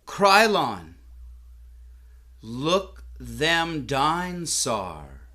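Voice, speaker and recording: A man's voice: fairly high pitch, extremely slow, vocal fry, sharp tone, exaggerated voice. A man voicing a simple-minded male zoo visitor who talks in a drawling, ungrammatical way. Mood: coaxing.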